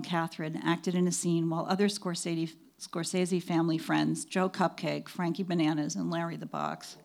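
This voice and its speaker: An older woman reading her own memoir aloud, with lively storytelling that briefly takes on the voices of the people she quotes. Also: on the low side. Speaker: memoir narrator.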